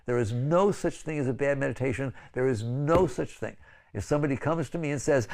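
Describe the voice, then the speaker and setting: A man's voice: fast, vocal fry, darkish tone. An older man giving a spiritual lecture in a conversational, pleading way, with frequent "right?" asides. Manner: sudden high exclaiming bursts when acting out others. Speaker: spiritual teacher.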